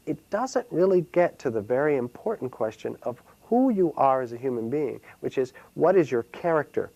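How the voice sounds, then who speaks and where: A man with a gravelly, creaky voice answers interview questions, pausing often and restarting his sentences. The sound is dry and close. He speaks casually, thinking aloud as he goes. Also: mid-range voice, no room sound, low-quality recording. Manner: hesitant, many fillers and restarts. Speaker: solo performer and playwright.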